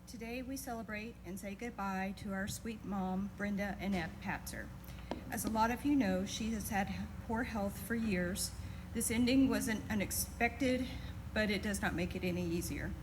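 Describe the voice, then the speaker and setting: A woman reading a eulogy for her mother, steady and heartfelt, fondly reminiscing. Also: mid-range voice, normal speed, background noise. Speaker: daughter giving a eulogy. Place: memorial service.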